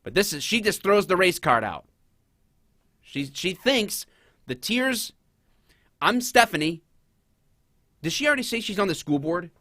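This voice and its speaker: Sarcastic middle-aged male host, lively pitch, dry close sound. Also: unhurried, pauses often, dry recording. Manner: animated, sarcastic. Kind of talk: casual commentary.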